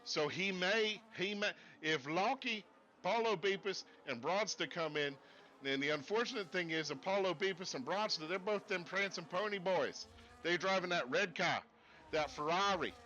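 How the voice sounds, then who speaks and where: A man's voice: high voice, normal speed, bright, forceful tone, muffled recording, a little hiss or hum. A man doing live sim racing commentary in a put-on Southern US accent, rambling and folksy with jokey asides, speaking from a desk streaming setup. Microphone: streaming setup at a desk with screens.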